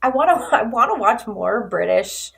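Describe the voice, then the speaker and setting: A woman co-hosting a podcast in casual chat, giggly and animated, often laughing as she talks. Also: a little high, normal speed, creaky. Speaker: podcast co-host.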